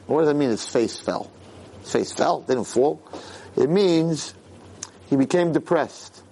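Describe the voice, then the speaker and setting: A man teaching a Torah lesson in an animated way, acting out quotes and repeating words for emphasis. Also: on the high side, a little slow, slight background noise. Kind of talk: Torah lecture.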